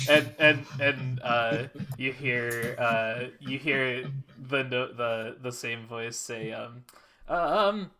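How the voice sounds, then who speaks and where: A game master narrates a tabletop game at a slow, halting pace, full of fillers. His voice is bright and forceful. He is heard over an online call. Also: medium pitch.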